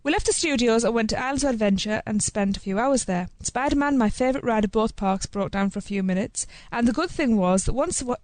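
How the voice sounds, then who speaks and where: Female co-host, higher pitch, easily amused, reading aloud; dry close mic. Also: quick pace, few pauses, a little mellow, no echo. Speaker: podcast co-host. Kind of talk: casual chat, reading a listener's trip report.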